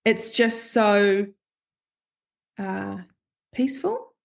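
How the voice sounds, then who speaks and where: A woman's voice: mid-range voice, very animated, very slow, vocal fry. A woman who hosts a podcast and works as a therapist, talking openly in a confessional, storytelling way. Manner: open, confessional storytelling that acts out remembered quotes. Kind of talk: candid podcast conversation.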